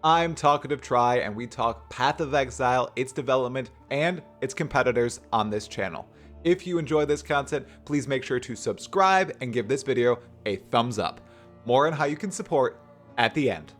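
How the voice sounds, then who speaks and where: A man's voice: medium pitch, expressive, normal speed, a bit bright, soft background music. A man hosting a gaming video, giving scripted commentary in a playful, enthusiastic, explanatory way. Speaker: gaming YouTuber host.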